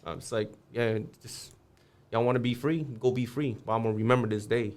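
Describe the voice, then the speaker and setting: A man's voice: medium pitch, steady tone, fairly quick. Streetwise man telling a story. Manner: streetwise, swearing, acts out quoted voices. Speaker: podcast guest. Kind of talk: casual storytelling interview.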